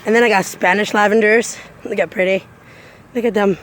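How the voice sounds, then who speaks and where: A chatty woman strolls outdoors through her backyard, talking into a handheld phone camera. She repeats herself as she goes and now and then jumps into a high, delighted squeal. Her pitch is an ordinary middle for a woman, and the tone is easy and casual. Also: steady tone, fairly quick. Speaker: cosplayer giving a garden tour. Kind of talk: casual walking tour chat. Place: outdoors in a home backyard garden.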